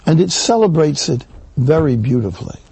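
An older man preaches with earnest emphasis, his voice rough with gravel and very husky. The tone is dark and mellow, and the sound is close and dry with no room around it. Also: a little high, big pitch swings, normal speed, no room sound. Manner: earnest, emphatic, rising on key words. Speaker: Catholic preacher. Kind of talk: sermon.

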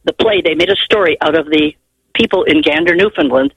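A woman's voice: low voice, fairly quick, fairly bright tone, breathy edge, dry recording, low-quality recording. An older woman phoning in to a radio show, telling a long rambling story in a chatty way. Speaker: caller. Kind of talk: call-in radio chat.

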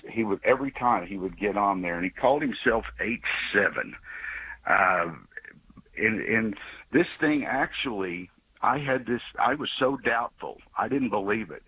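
A man in his sixties calling in to a radio show by phone, telling a story with many halting restarts and fillers. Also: on the low side, fairly bright tone, breathy edge, low-quality recording. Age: 60s. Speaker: radio caller. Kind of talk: call-in storytelling. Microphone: phone call.

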